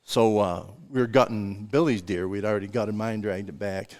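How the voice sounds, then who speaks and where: A man's voice: on the low side, fairly even intonation, moderate pace, a little mellow. Older man spinning hunting-camp stories. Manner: chuckling, acts out voices in anecdotes. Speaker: podcast host. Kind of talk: casual storytelling chat.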